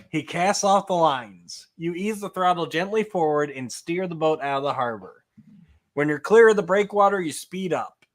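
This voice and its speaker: Man reading a gamebook aloud. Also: high voice. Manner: casual, laughs between lines. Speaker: podcast host. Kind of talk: reading a choose-your-own-adventure book aloud.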